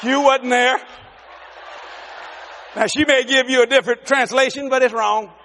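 An older man preaching a sermon, telling joking stories with exuberant bursts of shouting. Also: very high voice, steady tone, normal speed, a little hiss or hum.

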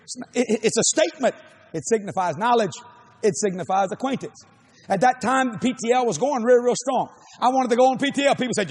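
Older man, Cajun accent, preaching, high voice, husky, shouts and repeats himself. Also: a little fast. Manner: emphatic, repetitive, often shouting. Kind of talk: sermon.

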